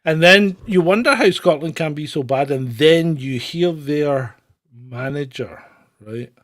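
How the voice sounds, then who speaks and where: A man's voice: a little high, a little slow, fairly bright tone. A man hosting a casual commentary chat, laughing often and swearing freely. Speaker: host.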